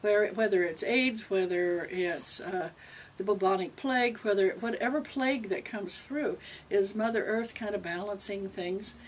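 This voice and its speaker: A woman's voice: mid-range voice, measured pace, hardly any pauses. Older woman reverend, casual spiritual Q&A, heard from a distance with faint hiss. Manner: rambling, conversational, relays a spirit's answers. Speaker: channeling reverend. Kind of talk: spiritual Q&A talk to a group. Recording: distant mic with faint noise.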